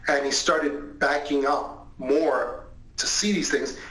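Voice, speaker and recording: Animated storyteller man, echoey room. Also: medium pitch, takes it slowly. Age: middle-aged. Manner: animated retelling with lively acted quotes. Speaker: guest, retired investigator. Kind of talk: storytelling in an interview. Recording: roomy echoing sound.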